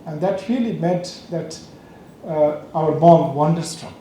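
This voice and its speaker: A man explains a spiritual teaching in an unhurried, thoughtful way, pausing on fillers as he goes. His voice sits high yet sounds mellow and dark. The room around him rings with strong echo. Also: slight background noise. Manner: measured, explanatory, storytelling with fillers. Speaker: spiritual lecturer. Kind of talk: lecture on yoga philosophy. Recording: very echoey room.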